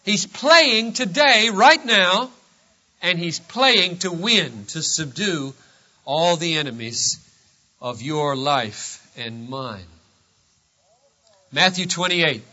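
On a dull lo-fi recording, a male pastor preaches emphatically, swinging from loud declarations to hushed asides. His voice is high-pitched and animated, though his pace is slow.

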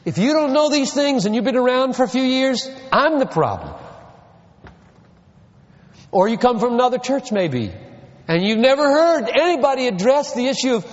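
High-voiced guy preaching a sermon, full of rhetorical questions, voice jumps all over, echoey church hall. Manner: emphatic, rhetorical questions, swings from quiet to loud. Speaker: pastor. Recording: dull lo-fi recording in a reverberant hall.

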